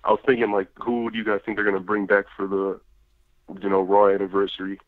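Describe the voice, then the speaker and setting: Low-voiced caller on a tinny phone line. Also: male voice, completely flat delivery, fast, dry recording. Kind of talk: casual call-in chat.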